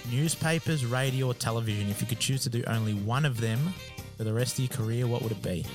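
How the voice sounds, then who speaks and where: Australian podcast host with music behind. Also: male voice, mid-range voice, fast. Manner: friendly, affirming, short replies. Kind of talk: casual podcast interview.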